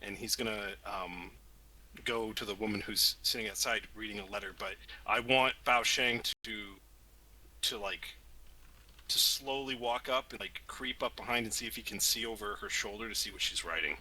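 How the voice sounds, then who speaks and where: A man playing a tabletop game, chatting casually and excitably. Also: lowish voice, poor audio. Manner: quick, swearing, excitable. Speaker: player.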